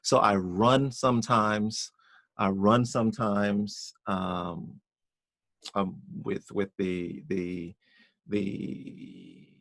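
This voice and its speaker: A man's voice: fairly low pitch, steady tone, drawn-out words, fairly bright tone, no room sound. A man chatting casually on a podcast, telling a personal story with lots of repeated words and restarts.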